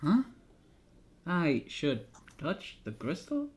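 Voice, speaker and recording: A woman's voice: deep voice, a little hiss or hum. A woman streaming a game live, reading dialogue and reacting expressively. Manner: slow, expressive, animated reactions.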